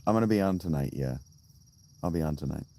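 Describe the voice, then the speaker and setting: Male streamer, deep low voice, rambling casual chat with the audience, wandering tangents and restarts, outdoors. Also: animated, fast talker, gravelly, dark tone. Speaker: livestreamer reading chat. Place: outdoors by a fountain.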